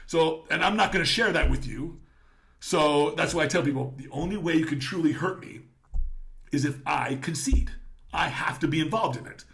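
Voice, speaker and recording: A middle-aged male podcast host with a gravelly, somewhat high voice. He tells stories in a loose, profane, animated way, in casual chat. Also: moderate pace.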